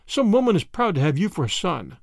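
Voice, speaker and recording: A man's voice: sits high, sing-song, brisk, gravelly, dry recording, studio quality, exaggerated voice. A man voicing a kindly, stubborn old grandmother who speaks earnestly and plaintively.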